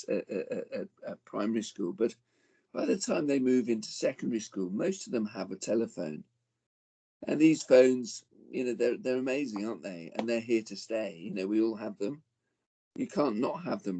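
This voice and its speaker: A man in his forties speaks to parents in a motivational talk, his delivery swinging widely up and down as he tells his story. His voice is gravelly, with a husky edge and a dark, mellow tone. He often turns to his listeners and calls them folks. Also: fairly low pitch, lively intonation, moderate pace.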